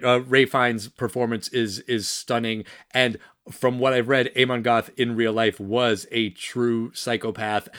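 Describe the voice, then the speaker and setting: A man's voice: mid-range voice, a bit bright, dry recording. Blunt, impassioned man, dry sound. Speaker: podcast co-host. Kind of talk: casual film discussion.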